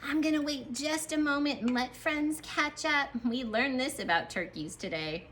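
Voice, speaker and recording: A woman teacher leading a young class through a writing lesson, sounding out letters slowly and praising the children as they work. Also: sits high, fairly bright tone, slight background noise. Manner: slow, drawn-out letter sounds. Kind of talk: early-grade writing lesson.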